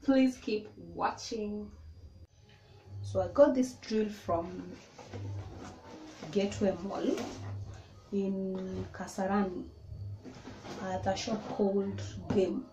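A woman's voice: medium pitch, steady tone, slow, pauses often, over music. A woman, showing how to use a tool in a casual, step-by-step way. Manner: plain, step-by-step explaining. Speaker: DIY vlogger. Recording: echoey room with clear noise.

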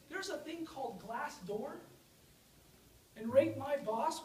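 A man giving an energetic, out-of-breath motivational lecture to students, speaking straight to the audience. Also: very high-pitched. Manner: energetic, addresses audience directly. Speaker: guest lecturer. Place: university lecture hall. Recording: echoey hall from far off, faint noise.

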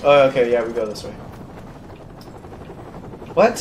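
In a mid-range voice at a moderate pace, a gamer works through a shooter campaign while giving casual let's-play commentary. He's jumpy and makes fun of himself, talking to his viewers as well as to himself. Loud gunfire and combat sounds from the game ring out in the roomy recording.

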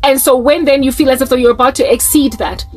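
A woman's voice: high-pitched, steady tone, fast talker, soft background music. A South African woman giving an emotional faith monologue, pleading and passionate, often restarting mid-sentence. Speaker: Christian vlogger.

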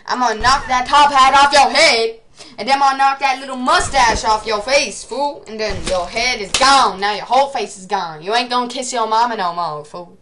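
A woman's voice: a little high, normal speed, crowd noise, close to an everyday voice. A woman putting on a tough, swaggering trash-talking voice, taunting with street slang.

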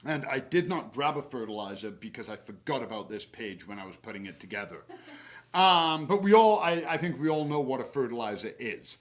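Man, mid-pitched voice, relaxed and chatty, garden how-to webinar, lots of fillers. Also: moderate pace. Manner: chatty and relaxed, many fillers, laughs at himself; gives practical tips from his own yard. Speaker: horticulturist hosting a garden webinar. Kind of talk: casual instructional webinar.

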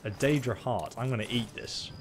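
A young man giving joking, excitable commentary on a live stream, swearing and laughing. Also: medium pitch, moderate pace, noisy background. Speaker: gaming streamer.

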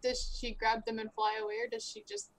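Higher-voiced woman player chatting. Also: big pitch swings, brisk, creaky, crowd noise. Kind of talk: casual chat during a tabletop game.

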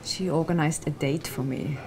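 A woman's voice: sits low, music in the background. Awkward young Austrian woman, as an actress plays her. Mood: confiding. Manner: hesitant, halting and self-conscious. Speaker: aspiring comedian. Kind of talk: sitcom acting.

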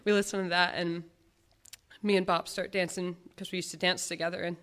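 A woman's voice: lowish voice, little pitch movement, fairly bright tone. Woman giving a heartfelt memorial tribute. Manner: heartfelt, halting personal storytelling. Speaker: granddaughter giving a eulogy.

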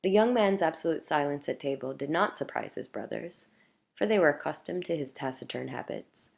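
A woman reading a classic short story aloud in a measured, clear narration. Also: low-pitched, animated. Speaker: audiobook reader.

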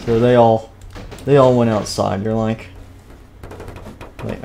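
A man's voice: lowish voice, fairly even intonation, slow pace, creaky, noisy background. A man streaming and narrating a game role-play, playful and rambling, often laughing.

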